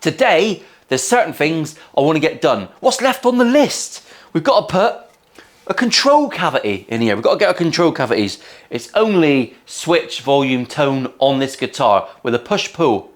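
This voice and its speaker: A cheeky man with a West Country English accent talks through a guitar build in his workshop. He jokes around and swears freely in easy banter. His voice sits a little higher than most men's. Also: big pitch swings, moderate pace. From England. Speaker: guitar maker hosting a workshop build vlog. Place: home workshop.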